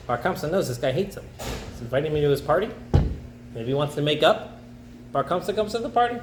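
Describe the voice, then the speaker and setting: Rabbi lecturer, fairly high-voiced man, lively storyteller, roomy classroom sound with faint noise. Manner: animated, acts out characters in quick bursts. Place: campus center classroom.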